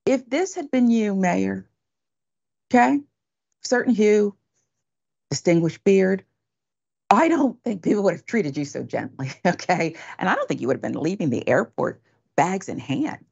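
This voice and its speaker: A woman hosting a talk show, telling a story in an animated way with laughs. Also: medium pitch, measured pace, vocal fry, pauses often, breathy edge, dull audio. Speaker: podcast host. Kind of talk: casual commentary.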